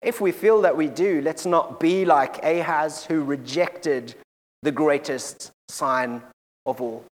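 A man preaching a sermon to a congregation in a church room, earnest and often repeating words as he goes, slowing down for scripture readings. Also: a little high, in a large hall.

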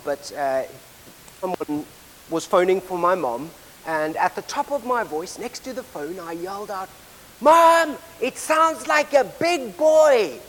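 A man preaching a sermon, his voice sitting high for a man. He speaks in a measured, deliberate way and tells stories from the pulpit. The sound rings out through a reverberant church hall over a faint hiss. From South Africa. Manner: measured, deliberate delivery with a storytelling touch.

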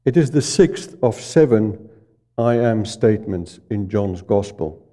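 A man preaching a sermon in a slow, deliberate way, dropping low and soft on the key phrases. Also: lively intonation.

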